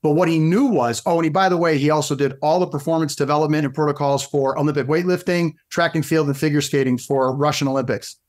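A middle-aged man with a slightly high voice, telling stories on a podcast as a guest fitness coach. He talks animatedly, jumping back and restarting his sentences as the story runs on. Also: steady tone, fast, few pauses. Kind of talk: casual storytelling interview.

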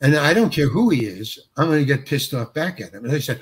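An older man, an actor being interviewed, telling a story in a halting way with many restarts and acted-out quotes. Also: medium pitch, lively intonation.

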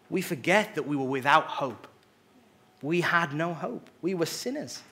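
A man's voice: fairly high pitch, animated, moderate pace, a bit bright. A man preaching a sermon, earnest and emphatic, with casual conversational asides. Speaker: pastor.

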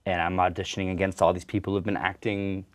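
A young man with a very low voice talks easily through an interview. He tells his stories in a relaxed way and jokes at his own expense. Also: fast talker. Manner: relaxed, joking storyteller. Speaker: actor and guest. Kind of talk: casual interview chat.

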